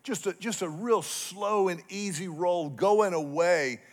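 Middle-aged male pastor, lively humorous sermon storyteller, voice a touch high. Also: takes it slowly. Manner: animated, humorous storyteller with swings in loudness.

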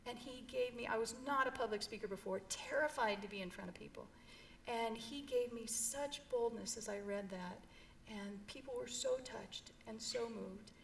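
A woman's voice: on the high side, normal speed, vocal fry, a bit bright, slight background noise. A middle-aged woman telling an emotional personal story in an interview, earnest and heartfelt. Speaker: guest.

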